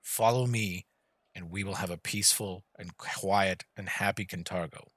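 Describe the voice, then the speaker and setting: A man doing a smug, soft-spoken city ruler. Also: low voice, fairly even intonation, no echo. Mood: calmly commanding. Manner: slow, measured, soft-spoken proclamations. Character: smug, smiling male city ruler addressing crowds.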